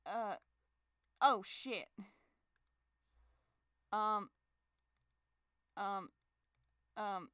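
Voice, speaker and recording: A woman's voice: mid-range voice, very slow, long pauses, a bit bright, clear, resonant tone, dry recording, studio quality. A young woman digital artist, muttering and swearing in exasperation to herself as she works. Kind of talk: frustrated casual talk while drawing.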